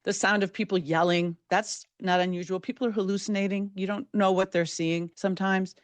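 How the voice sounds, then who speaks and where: Middle-aged female podcast host, storyteller; measured, vivid narration with dramatic build; dry, close sound. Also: medium pitch, fairly even intonation, no echo. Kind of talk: first-person true storytelling.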